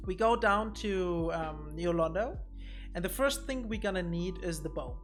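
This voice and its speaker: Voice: mid-range voice, animated, measured pace, soft background music. A streamer giving casual gameplay commentary on a desk mic, thinking aloud and often repeating words while explaining boss fights.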